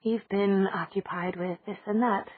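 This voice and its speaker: A woman reading a teasing, smug, warm-hearted young woman in an audiobook. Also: medium pitch, fairly even intonation, a little slow, no echo, close to an everyday voice. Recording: dry, tinny phone-like audio.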